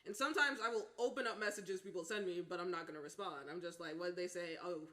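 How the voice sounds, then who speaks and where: A woman co-hosting a podcast, telling stories in a casual, animated way with lots of laughter and swearing. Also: lowish voice, quick pace. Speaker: podcast co-host.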